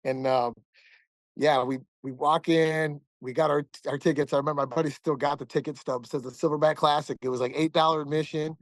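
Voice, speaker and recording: A man's voice: a little high, fairly even intonation, fairly quick, no room sound, rough recording. A man in his forties from the American Midwest, a podcast guest telling a long story in a rambling, casual way, often laughing and saying "man". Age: 40s.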